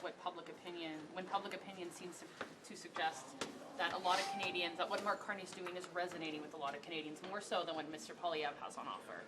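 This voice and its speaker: A woman's voice: lowish voice, steady tone, fast. A female reporter putting probing questions to a politician in a press scrum. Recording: noisy crowd around.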